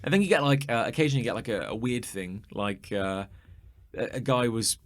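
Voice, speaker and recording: A man from New Zealand, co-hosting a casual podcast chat, animatedly retelling scenes and dropping his voice low to mimic officials. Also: expressive, brisk. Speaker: podcast co-host.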